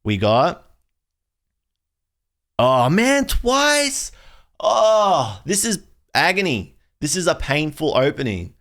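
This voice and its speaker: A man's voice: fairly high pitch, sing-song, slow, a bit bright. A young man hosting a casual pack-opening video, ranting in an exasperated, rambling way with frequent restarts. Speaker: card collector video host.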